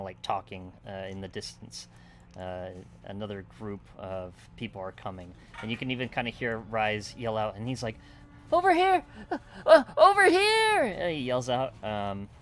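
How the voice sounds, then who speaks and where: Guy running a tabletop game, kinda low voice, lots of uh and kinda like. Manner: loose and rambling, full of "uh" and "kinda like". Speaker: game master. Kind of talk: narrating a tabletop game session.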